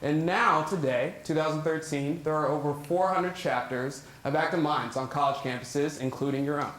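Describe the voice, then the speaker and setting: Young guy talking to a crowd, kinda high voice, jokey and chatty, big echoey hall. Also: moderate pace, fairly bright tone, a little hiss or hum. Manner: joking, self-deprecating, chatty. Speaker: public speaker on mental health. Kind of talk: live talk to an audience. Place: large echoey hall with audience.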